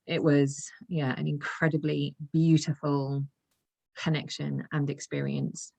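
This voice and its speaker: A woman's voice: low voice, flat delivery, normal speed, creaky, darkish tone. A woman, a guest on an interview podcast, speaking earnestly and from the heart, laughing often as she talks. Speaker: guest, intuitive coach. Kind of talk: casual interview conversation.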